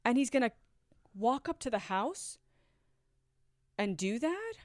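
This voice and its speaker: A woman in her forties telling her own story earnestly, swinging from loud urgency to hushed asides. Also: on the high side, sing-song, takes it slowly, dry recording, studio quality. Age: 40s. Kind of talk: confessional storytelling.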